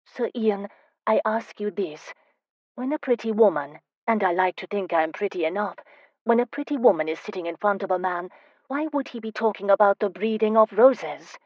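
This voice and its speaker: A woman narrator voicing a spirited, teasing young woman in an audiobook, speaking with lively, emphatic delivery. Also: mid-range voice, moderate pace, no room sound, muffled recording, pitched above the performer's own voice, natural voice. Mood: exasperated. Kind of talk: audiobook character voice.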